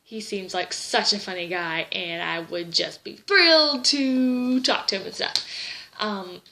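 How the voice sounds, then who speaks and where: A woman's voice: medium pitch, measured pace, pushed and bright, a little hiss or hum, rough recording. A young woman vlogging in a casual, rambling chat, gushing and a little tearful. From Southern United States.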